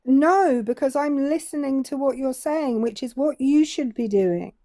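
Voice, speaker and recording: On a live call-in debate, a British-accented woman from England in her forties fires pointed questions at a caller as co-host. She speaks a little slowly in a high, mellow voice, and there's no room sound.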